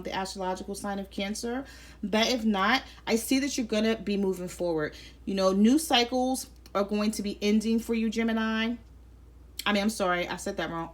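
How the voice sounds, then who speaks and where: A woman giving a casual tarot reading, chatty and conversational, often checking in with "okay?". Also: medium pitch. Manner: chatty, repeats "I'm feeling like" and "okay?". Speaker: tarot reader.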